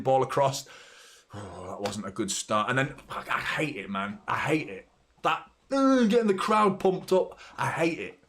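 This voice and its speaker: A middle-aged man, hosting a live football watchalong, chatting and reacting loudly to the play, with some swearing. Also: mid-range voice. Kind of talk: live match watchalong commentary.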